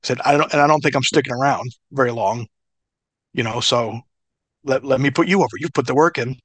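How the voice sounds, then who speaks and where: Middle-aged man, ex-wrestler guest, loose and profane storyteller, mid-pitched voice, dry close sound. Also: fairly quick, no room sound. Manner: profane, laughing, animated storyteller. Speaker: interview guest, former wrestler. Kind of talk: casual storytelling.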